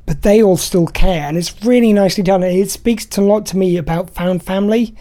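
A British radio host chats casually and enthusiastically about films, laughing easily as she goes. Her voice sits at a medium pitch, mellow and fairly quick.

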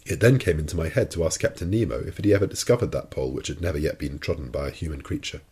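A man narrating a classic adventure novel as an audiobook in a measured, deliberate way. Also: very deep voice, mellow, breathy edge.

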